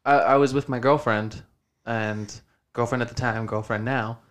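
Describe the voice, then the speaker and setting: A young man chatting loosely on his own podcast, his voice set at an ordinary middle pitch. He swears freely and keeps circling back to "dude" and "like". The talk sounds loose and unscripted, recorded in a small home studio. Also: steady tone, normal speed. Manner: profane, rambling, says dude a lot. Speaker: podcast host. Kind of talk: casual podcast chat.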